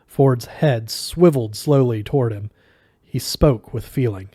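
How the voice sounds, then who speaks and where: A man reading a novel aloud with measured, expressive narration. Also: mid-range voice, no echo, clean studio sound. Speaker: reader.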